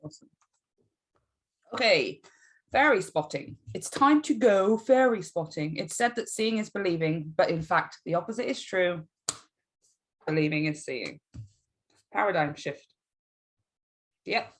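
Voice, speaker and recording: A woman's voice: lowish voice, lively intonation, a little slow, pauses often. A woman giving a casual tarot reading to camera, emphatic and encouraging, often checking in with "right?". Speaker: tarot reader.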